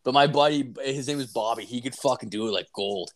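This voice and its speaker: A man telling stories with lively energy and heavy swearing, often laughing at his own memories. His voice sits in an ordinary middle pitch. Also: brisk. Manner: animated, profane, laughing storyteller. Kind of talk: casual storytelling chat.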